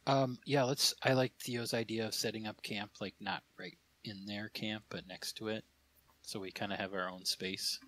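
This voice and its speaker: Easygoing low-voiced man. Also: fairly even intonation, normal speed, a bit bright. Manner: easygoing, rambling with fillers. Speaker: player.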